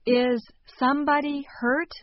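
Woman reading lesson phrases slowly n carefully, dry close sound, kinda high voice. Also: dry recording. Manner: calm, careful enunciation. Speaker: language lesson speaker. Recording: dull, lo-fi sound.

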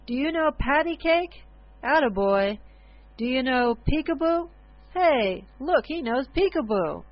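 A woman voicing a ragged, toothless old homeless man who calls out loudly across a room. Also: medium pitch, a little slow, no echo, highs cut off, lightly acted. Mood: boisterous.

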